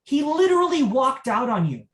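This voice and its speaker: A man's voice: very high-pitched, sing-song, normal speed, fairly bright tone, reverberant. A man, a wrestler cutting a cocky, confident promo. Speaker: wrestler guest.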